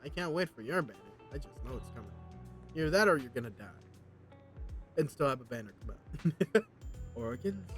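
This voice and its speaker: A man's voice: mid-range voice, lively intonation, fairly quick, pauses often, faint music behind. A man casually commenting on a game as he plays, joking and mocking himself, sleepy and yawning. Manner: joking, giggly, self-mocking. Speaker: gaming creator.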